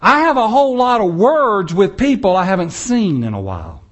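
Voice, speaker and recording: A man preaching a sermon, animated and conversational, acting out people's prayers and mocking voices as he goes. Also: sits high, moderate pace. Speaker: pastor.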